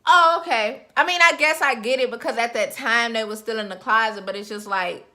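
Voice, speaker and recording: Bright, chatty young woman vlogger. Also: a little fast. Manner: chatty, expressive, with sudden pitch jumps. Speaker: reality TV reviewer. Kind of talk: casual chat.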